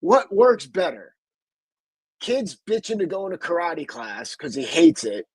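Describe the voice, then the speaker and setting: Husky guy rambling and swearing on a podcast, pitch a bit high, dry sound. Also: unhurried, dry recording, rough recording. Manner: profane, rambling, animated. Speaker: podcast host. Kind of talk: casual podcast chat.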